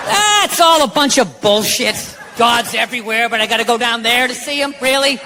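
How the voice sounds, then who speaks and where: High-pitched, sarcastic male comic. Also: brisk, noisy background. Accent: Boston. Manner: sarcastic, blunt, profane delivery. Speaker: stand-up comedian. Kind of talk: stand-up comedy set. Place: comedy stage with live audience.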